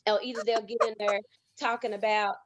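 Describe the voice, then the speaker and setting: A woman sharing her dating experiences on a panel with a lot of emphasis and animation. Her pitch sits in the middle range. The recording is dry and slightly muffled. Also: little pitch movement, fairly quick, no echo. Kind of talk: casual panel discussion.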